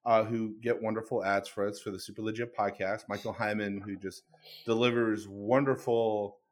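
A man's voice: on the low side, level tone, normal speed. A man co-hosting a comedy podcast, talking casually and rambling into a jokey mock ad. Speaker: podcast co-host. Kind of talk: casual chat and a mock ad read.

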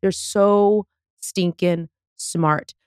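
A woman's voice: on the low side, fairly even intonation, extremely slow, darkish tone, clear, resonant tone, dry recording, studio quality. A woman in her thirties hosting a podcast, chatting casually and effusively, quoting herself as she goes. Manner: effusive, talks through laughs and quotes herself. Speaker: podcast host. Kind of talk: casual chat.

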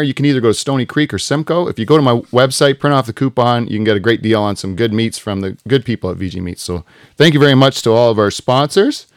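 A man's voice: medium pitch, dry recording, studio quality. A man hosting a podcast in casual, joking chat that rambles loosely. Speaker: podcast host.

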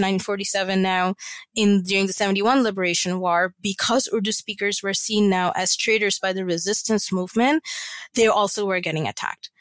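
A woman's voice: mid-range voice, a bit bright, no room sound. A woman guest on a podcast, recounting a family story in an earnest, reflective way with many casual fillers. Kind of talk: personal storytelling in an interview.

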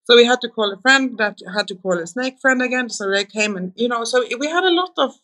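A woman's voice: fairly high pitch, expressive, brisk, a bit bright. A woman interview guest, telling long anecdotes in a loose conversational way, with many restarts. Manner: rambling, anecdotal, frequent restarts. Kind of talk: conversational storytelling.

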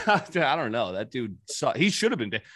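A man's voice: medium pitch, big pitch swings, normal speed, fairly bright tone, husky, dry recording. A man hosting a podcast, chatting casually and telling rambling, profane stories. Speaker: podcast host. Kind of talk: casual chat.

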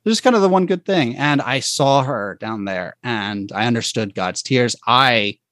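A man shares a personal faith story in a conversation, pausing and restarting as he searches for words. His voice sits at a middling pitch. It is recorded close and dry, with no room sound. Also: expressive, a bit bright, no echo. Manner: halting and reflective, with frequent restarts and fillers.

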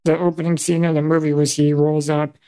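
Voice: mid-range voice, level tone, a little fast, mellow, clean tone. A co-host adding wry remarks in casual chat.

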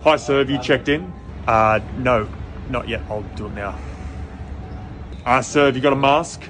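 A man acting in a comedy sketch, playing a pushy, deadpan security guard and an exasperated customer in clipped exchanges. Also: mid-range voice, moderate pace, background noise, close to an everyday voice.

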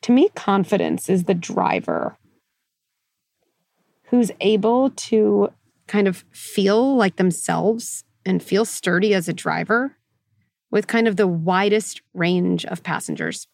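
A woman hosting a parenting show as a psychologist, talking through advice in a casual, animated way and acting out quoted inner voices. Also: medium pitch, slow pace, creaky, no echo, studio quality.

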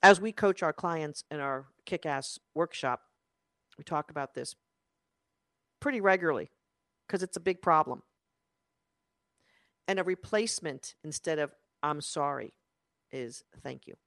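A life coach gives an emphatic, insistent motivational talk, repeating key phrases in spiritual wording about energy and the soul. The voice is middling in pitch with a fairly bright tone, moving at a moderate pace with frequent pauses, and the recording sounds dry and close.

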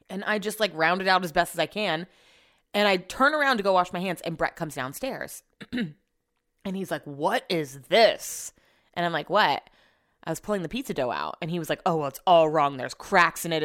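Rambling woman clearing her throat. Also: on the low side, fairly bright tone. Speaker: podcast host. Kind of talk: casual storytelling chat. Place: home with renovation noise nearby.

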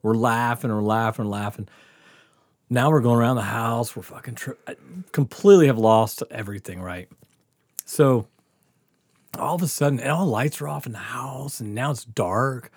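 A man's voice: medium pitch, moderate pace, breathy edge, dry recording, clean studio sound. A man telling a story in casual chat, laughing often and swearing freely. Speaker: podcast host telling a story.

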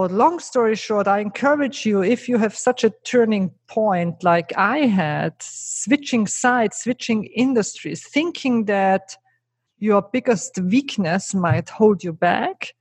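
A woman's voice: mid-range voice, lively intonation, slow pace, husky, no room sound. A middle-aged woman, not a native English speaker, telling her career story earnestly on a podcast as a guest speaker. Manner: earnest, emphatic, asks rhetorical "right?". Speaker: guest, keynote speaker and trainer.

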